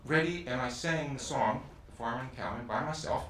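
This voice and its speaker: A man's voice: mid-range voice, brisk, a bit bright, slight background noise. A man telling a chatty, self-deprecating anecdote to a live audience from a theater stage. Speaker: stage performer at an event. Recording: roomy hall, distant mic, music behind.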